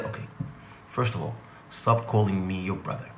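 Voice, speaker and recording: Congolese-born guy doing a storytime vlog, animated, roomy echo. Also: low-pitched, moderate pace, pauses often. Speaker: vlogger and singer. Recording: echoey room.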